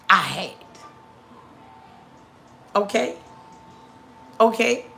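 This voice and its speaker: A middle-aged woman talks to her livestream viewers in a slow, gravelly voice that still has a bright edge. She keeps calling them y'all and repeats her points for emphasis. She speaks into a phone mic, with a faint hum of noise behind her. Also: lowish voice, lively intonation. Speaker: livestream host. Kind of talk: casual livestream chat to viewers.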